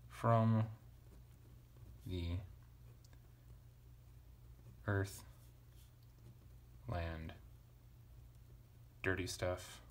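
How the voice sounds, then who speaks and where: A man teaching ancient Greek grammar at a relaxed pace, thinking aloud and correcting himself with casual asides. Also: low voice, extremely slow, long pauses. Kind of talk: relaxed verse-by-verse parsing lesson.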